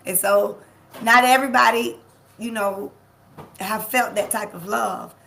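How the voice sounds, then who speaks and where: Gravelly-voiced woman coach. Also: mid-range voice, fairly even intonation, slow, pushed and bright, a little hiss or hum. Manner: emphatic, repeats key phrases, addresses the audience directly; laughs easily, chats with people in the room. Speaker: life coach and show host. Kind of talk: live-streamed motivational talk.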